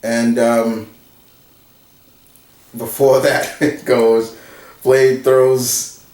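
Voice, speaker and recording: A man casually retelling a story off the cuff, rambling with restarts and quick laughs. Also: mid-range voice, level tone, darkish tone. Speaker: channel host retelling a fan story. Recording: roomy, from a distance.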